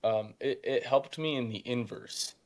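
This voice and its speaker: A man's voice: mid-range voice, unhurried. An eighteen-year-old man, a podcast guest, telling stories in casual talk, mocking the people he quotes and saying "dude" a lot. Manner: animated storytelling, mocking quoted voices, says dude. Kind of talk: casual interview chat.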